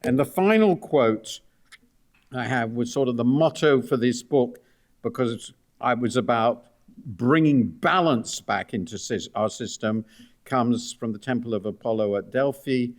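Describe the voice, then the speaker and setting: A man's voice: mid-range voice, unhurried. An older man giving a book talk at a university, speaking with dry, ironic asides and frequent hesitations. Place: university lecture room.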